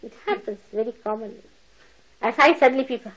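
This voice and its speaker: An older woman giving a spiritual talk to followers, animated and laughing, mimicking people as she speaks. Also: high voice, drawn-out words, pauses often, heavy background noise. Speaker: spiritual teacher. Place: lecture hall.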